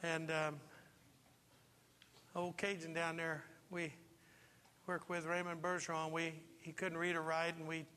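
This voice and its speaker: A man's voice: on the high side, completely flat delivery, unhurried, pauses often, sharp tone, in a large hall, slight background noise. A man pastor preaching a sermon, emphatic and full of rhetorical questions to the congregation. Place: church sanctuary.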